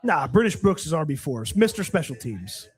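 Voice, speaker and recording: A man's voice: a little high, very animated, moderate pace. A man co-hosting a casual sports talk show, telling a story with animation and acting out both sides. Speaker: co-host. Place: live show at a restaurant.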